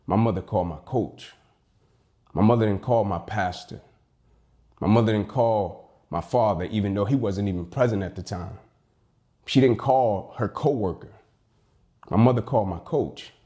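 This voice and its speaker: A man's voice: lowish voice, darkish tone. A young man giving a personal storytelling speech, emphatic, acting out the dialogue he quotes. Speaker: motivational speaker.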